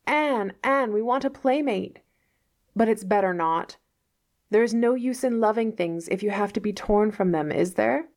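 A woman's voice: mid-range voice, normal speed, a little mellow, pitched above the performer's own voice, lightly acted. A woman reading aloud as a dramatic, imaginative orphan girl, with a theatrical, pleading manner. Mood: wistful. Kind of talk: read-aloud novel dialogue.

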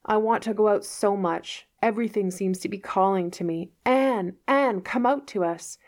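A woman's voice: mid-range voice, normal speed, pitched above the performer's own voice, natural voice. A woman reading as a dramatic, wistful orphan girl. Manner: theatrical, pleading, sighing. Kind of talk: read-aloud novel dialogue.

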